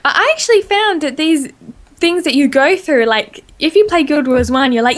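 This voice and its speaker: A woman with an Australian accent, co-hosting a podcast and chatting excitedly about game lore with plenty of fillers. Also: high-pitched, moderate pace. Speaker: podcast co-host. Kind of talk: casual podcast chat.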